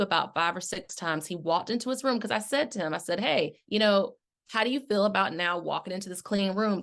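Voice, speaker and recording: A middle-aged life coach with a mid-range, fairly bright voice hosts her podcast, telling a story and coaching listeners. She keeps it casual and conversational, calling her audience "y'all" directly.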